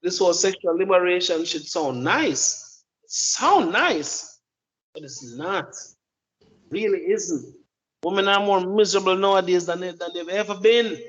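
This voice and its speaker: Jamaican guy preaching his opinions, kinda high voice, repeats himself a lot, muffled lo-fi sound. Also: moderate pace. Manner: emphatic, preachy, repeats words. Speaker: commentator. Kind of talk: opinion monologue.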